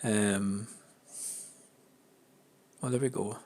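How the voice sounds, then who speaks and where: A lower-pitched man talks loosely to his stream audience, his throat slightly raspy and his nose stuffed up. He wanders through his thoughts with lots of "um"s and false starts, in a relaxed, casual chat. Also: extremely slow, slight background noise. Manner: rambling, many fillers and restarts.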